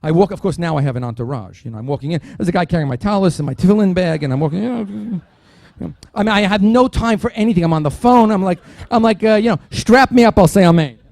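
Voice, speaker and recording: A man's voice: sits high, fast, gravelly, no room sound. A man giving a keynote speech at a dinner, telling a story with humorous asides and acting out the dialogue in quotes. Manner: animated, acts out dialogue in quotes. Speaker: keynote speaker.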